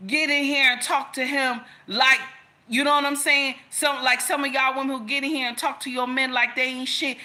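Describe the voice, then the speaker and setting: A woman's voice: high-pitched, flat delivery, normal speed, pushed and bright. A woman speaking straight to her audience in an impassioned rant, scolding and repeating herself for emphasis. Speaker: commentator. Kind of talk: impassioned direct-to-camera rant.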